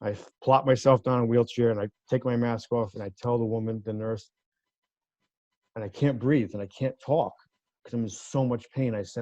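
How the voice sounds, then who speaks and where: A man's voice: mid-range voice, normal speed, dry recording. A man, a lawyer, telling a personal story as an interview guest, acting out the voices of people he quotes. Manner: animated storyteller who acts out quoted voices. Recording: dry, slightly dull sound.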